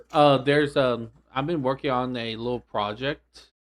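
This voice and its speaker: A man chatting casually on a podcast, laid-back and slow to find his words. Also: mid-range voice, fairly even intonation. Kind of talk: casual chat.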